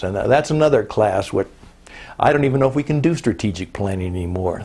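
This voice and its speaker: A man's voice: on the high side, a little mellow. Reflective older man teaching a course. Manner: reflective, conversational, with fillers and rhetorical questions. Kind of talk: recorded lecture.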